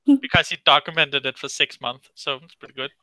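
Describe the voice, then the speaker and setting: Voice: mid-range voice, big pitch swings, fairly quick, pushed and bright, no echo, rough recording. A podcast co-host in a casual chat, brash and teasing.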